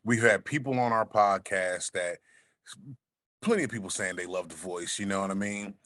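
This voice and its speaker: A man with a deep, smooth voice, chatting as a podcast guest and telling a laid-back story, swearing freely. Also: moderate pace, a bit bright, no echo, studio quality. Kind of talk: casual chat.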